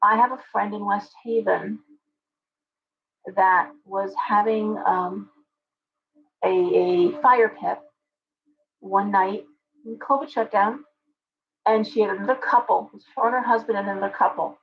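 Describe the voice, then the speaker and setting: A woman's voice: mid-range voice, steady tone, measured pace, pauses often, dull audio. Opinionated woman ranting on a live stream. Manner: opinionated, ranting, speaks directly to chat. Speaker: livestream host. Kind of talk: live chat stream answering viewers.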